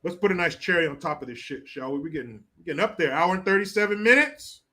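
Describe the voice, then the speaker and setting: A man's voice: a little high, lively intonation, fast talker, sharp tone. A man hosting casual commentary, crude and mocking, laughing often. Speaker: streamer host.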